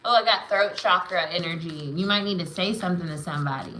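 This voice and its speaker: A woman's voice: lowish voice, fast, pushed and bright, echoey room, slight background noise, low-quality recording. A woman giving live tarot and oracle readings, affirming and encouraging, often checking in with "right?" and "okay?". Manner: emotional, spiritual encouragement. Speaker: tarot reader.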